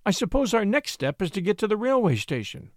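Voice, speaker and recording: A man reading an audiobook, voicing a spirited, excitable young woman who gushes and teases sweetly. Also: sits high, brisk, dry recording, clean studio sound, pitched above the performer's own voice. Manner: breathless, gushing, sweetly teasing.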